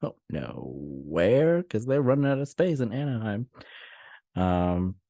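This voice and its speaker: Laughing low-voiced man chatting. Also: slow, gravelly, dry recording, clean studio sound. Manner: laughing often, animated storytelling. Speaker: podcast co-host. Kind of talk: casual chat.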